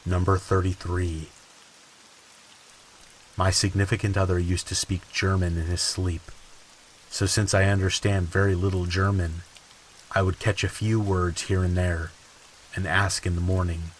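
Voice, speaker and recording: A man reading creepy stories in a slow, ominous scripted narration. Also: deep voice, little pitch movement, poor audio. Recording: faint hiss and rain sounds behind. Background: rain ambience.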